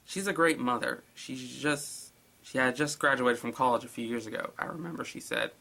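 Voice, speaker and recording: This man's medium-pitched, creaky voice moves at a moderate pace as he narrates a creepy story in hushed tones. Between passages he breaks off with sarcastic, exasperated remarks.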